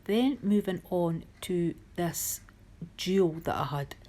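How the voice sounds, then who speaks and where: A woman's voice: on the low side, lively intonation, takes it slowly, mellow. A woman narrating a nail art tutorial in a chatty, homely way, often critical of her own work. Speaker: nail art channel host.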